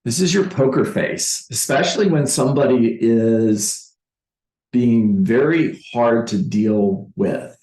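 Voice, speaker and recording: A man giving a motivational sales training talk as a real estate coach, deliberate and emphatic, repeating key phrases. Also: medium pitch, dark tone, roomy sound, poor audio.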